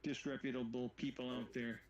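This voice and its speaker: A man's voice: mid-range voice, flat delivery, fairly quick, creaky. A man co-hosting a live chat, talking in an easygoing, conversational way. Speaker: co-host. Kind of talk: casual chat. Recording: dull roomy livestream audio with faint noise.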